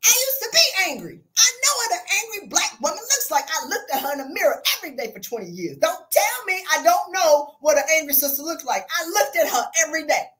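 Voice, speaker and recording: Blunt, animated high-voiced woman. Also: fairly quick, few pauses. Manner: blunt, preachy, repeats lines for emphasis. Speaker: podcast host. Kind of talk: animated motivational talk.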